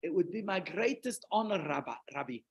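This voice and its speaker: A man's voice: sits high, lively intonation, fairly quick, slightly rough, highs cut off. A man imitating an earnest, courteous male Afrikaans minister with an Afrikaans accent, speaking politely and formally.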